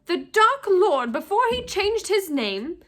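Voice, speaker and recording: A woman voicing a small, fiercely loyal male house-elf with a shrill, squeaky voice. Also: sing-song, slow pace, fairly bright tone, exaggerated voice. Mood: earnest.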